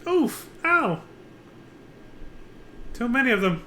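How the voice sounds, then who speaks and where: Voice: medium pitch, big pitch swings, measured pace, pauses often, bright, forceful tone, echoey room, slight background noise. A streamer giving playful live commentary during a game playthrough, with joking asides. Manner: playful, giggly asides, jumps into character voices. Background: game music.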